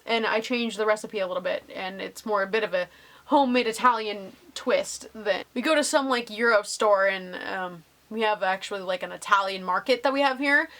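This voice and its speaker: A woman's voice: medium pitch, fairly bright tone. A young woman casually answering viewer questions in a vlog, bubbly and gushing with lots of ums.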